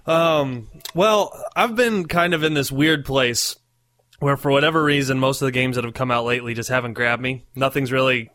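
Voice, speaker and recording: A man's voice: medium pitch, steady tone, normal speed, a bit bright, no echo, studio quality. A man co-hosting a casual gaming podcast, telling rambling stories in a laid-back way. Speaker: podcast co-host. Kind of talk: casual chat.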